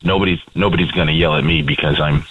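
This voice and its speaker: A man's voice: rumbling low, steady tone, fast, breathy edge, no room sound, narrow, tinny audio. A plainspoken man, an ice cream shop owner speaking as a radio guest. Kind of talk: phone-in radio interview.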